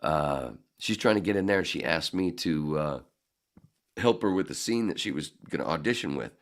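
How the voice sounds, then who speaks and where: A man as a podcast guest, telling animated, profane anecdotes in a casual, laughing way. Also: very deep voice, moderate pace. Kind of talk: casual storytelling.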